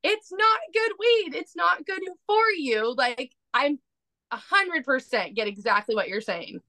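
A woman hosts a casual interview with a high, bright, forward voice. The sound is close and dry, and she backs her guest with emphatic agreement. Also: very animated, dry recording. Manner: emphatic, quick to agree and reassure. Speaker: podcast host.

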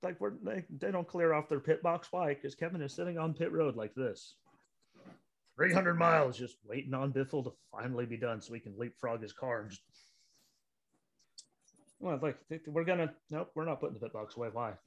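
A man hosting a podcast, chatting casually about racing, animated and acting out scenes with rhetorical asides. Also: a little high, fairly quick, vocal fry. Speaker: podcast host.

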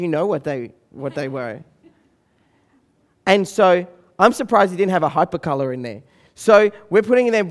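A man in his forties with a notably high voice tells a funny family story. He is animated and acts out the voices of the people in his tale. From Australia. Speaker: speaker. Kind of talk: humorous storytelling talk.

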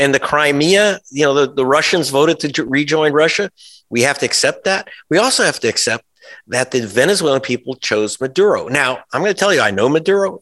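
A man's voice: mid-range voice, a bit bright. A man, a journalist guest in an interview, talking in an emphatic, sarcastic way with many restarts and asides. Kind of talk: conversational interview.

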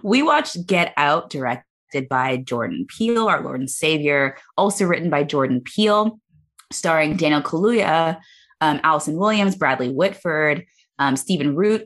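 A woman's voice: low-pitched, animated, unhurried, fairly bright tone. A woman hosting a podcast in casual, joking chat, laughing often between remarks. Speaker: podcast host.

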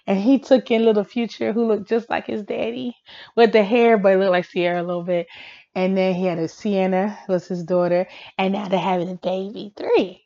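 A woman chatting casually about pop music and celebrity gossip, excitable, laughing often and breaking into song. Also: medium pitch, normal speed, dull audio. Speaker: pop culture vlogger.

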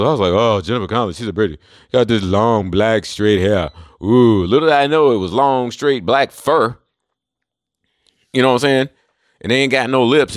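A man's voice: mid-range voice, no echo, clean studio sound. A man in a casual, rambling monologue, profane and drawling, often trailing off into fillers. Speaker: monologue speaker.

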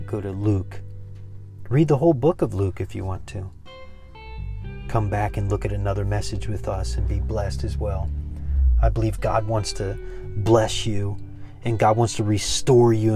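Earnest man preaching over soft guitar. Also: mid-range voice. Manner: earnest, repeats words, builds to excited peaks. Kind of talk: sermon and prayer.

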